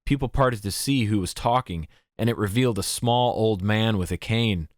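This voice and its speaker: A man narrating a fantasy audiobook in a measured, even storytelling manner on a close studio mic. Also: fairly low pitch, no room sound. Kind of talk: scripted narration.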